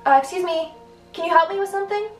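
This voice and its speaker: A woman's voice: very high-pitched, fast, faint music behind, voice pushed up. A young woman voicing a pushy, creepy grown man who coaxes a girl in an insistent, wheedling way. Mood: coaxing. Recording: roomy, distant mic.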